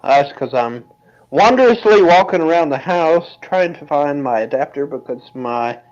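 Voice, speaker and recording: Male co-host, playful and animated, muffled remote call sound. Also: on the high side, unhurried. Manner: joking, playful. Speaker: livestream co-host. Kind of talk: casual livestream chat. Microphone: remote call, earphones.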